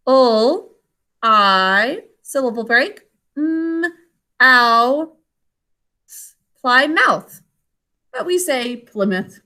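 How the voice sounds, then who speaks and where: High-voiced woman teaching phonics slowly. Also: bright, forceful tone. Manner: patient, spells words out sound by sound. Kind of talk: online phonics lesson. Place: remote class on a video call.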